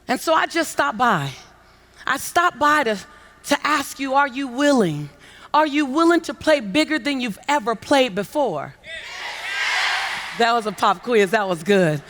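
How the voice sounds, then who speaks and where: High bright woman speaker rallying a crowd. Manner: call-and-response, coaxing the audience; builds to shouts, repeats phrases. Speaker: motivational speaker. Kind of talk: keynote speech to a conference crowd. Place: large conference hall on stage.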